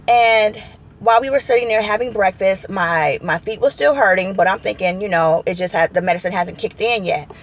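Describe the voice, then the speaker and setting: A woman vlogging from her parked car, chatting animatedly and acting out quotes as she tells a story. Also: mid-range voice. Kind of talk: casual storytelling vlog. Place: parked car in a parking lot.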